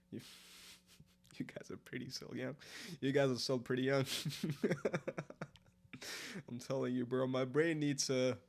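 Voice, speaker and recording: A man, chatting casually and rambling through a late-night live stream, answering chat as he goes. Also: medium pitch. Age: 20s. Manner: rambling, filler-heavy, answers chat aloud.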